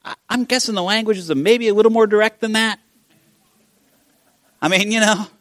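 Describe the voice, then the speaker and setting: A man giving a conversational sermon, telling the story in a casual, animated way with frequent restarts. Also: high-pitched, moderate pace, dry recording. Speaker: pastor.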